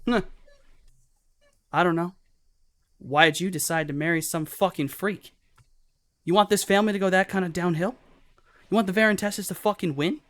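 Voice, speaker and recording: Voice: mid-range voice, normal speed, long pauses, fairly bright tone, no echo, pitched above the performer's own voice, lightly acted. A game master voicing a cold, cruel man who mocks his brother in a sober, unslurred tone. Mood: mocking.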